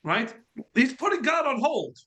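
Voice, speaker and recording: Bright-voiced rabbi teaching with halting restarts. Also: male voice, very high voice, very animated. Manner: halting, many fillers and restarts. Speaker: rabbi teaching a Torah class. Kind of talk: Torah class lecture with storytelling.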